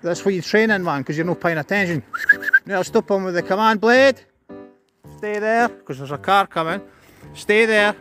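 A man's voice: high-pitched, moderate pace, music in the background. A Scottish man vlogging outdoors while walking his dog, blunt and sweary, giving commands. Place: outdoors on a seafront by a road.

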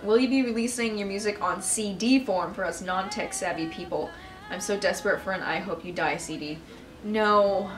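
A woman's voice: medium pitch, moderate pace, roomy sound, far from the mic, over music, poor audio. Candid, swearing young woman vlogger. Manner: candid and emotional, swears freely. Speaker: vlogger answering viewer questions. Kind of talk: casual Q&A chat.

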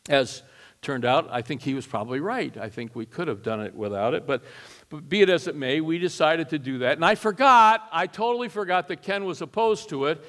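A middle-aged man giving a storytelling sermon as guest preacher, folksy and animated, his voice jumping up for punch lines. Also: a little high, a little fast. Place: church sanctuary. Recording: long church reverb.

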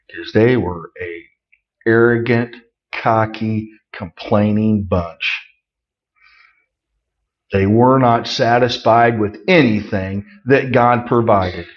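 A middle-aged man preaching a conversational sermon, folksy with joking asides, swinging from loud emphasis to quiet remarks. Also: lowish voice, takes it slowly, lo-fi sound. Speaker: pastor.

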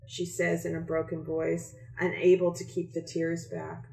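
Woman author reads her kids' book aloud, unhurried and expressive, roomy echo. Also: on the low side, creaky, faint music behind. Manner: slow, expressive storytelling. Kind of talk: reading a picture book aloud. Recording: echoey room.

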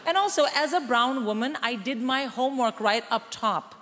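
A woman's voice: a little high, lively intonation, moderate pace, heavy background noise. Brash woman comic on a reverberant stage. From India. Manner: brash, exasperated, mock-indignant storytelling. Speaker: stand-up comic. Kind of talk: stand-up routine. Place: theatre stage with live audience. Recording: live venue with long reverb.

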